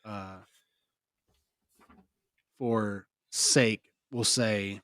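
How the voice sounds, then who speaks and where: A man's voice: lowish voice, fairly even intonation, moderate pace. A young man, co-hosting a podcast and rambling through a story with bursts of laughter. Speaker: podcast co-host. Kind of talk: casual storytelling chat.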